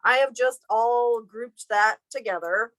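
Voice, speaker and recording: Bright-voiced woman instructor, animated and wry. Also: a little high, slow pace, no room sound, rough recording. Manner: animated storytelling with playful exasperation. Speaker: college instructor. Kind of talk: casual chat with a co-teacher.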